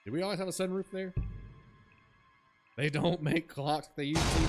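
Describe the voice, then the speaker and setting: A man's voice: fairly high pitch, normal speed, soft background music. A man streaming a horror game, chatting casually and telling jokey stories, mimicking people as he goes. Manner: animated, jokey storyteller who mimics people. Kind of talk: casual gaming commentary.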